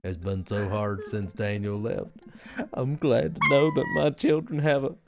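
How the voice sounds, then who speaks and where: A man's voice: fairly low pitch, expressive, a little slow, gravelly. Smoky, gushing single mom put on by a man, flirtatious; faint music under. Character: forward, chain-smoking single mom. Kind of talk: playing a dating game aloud.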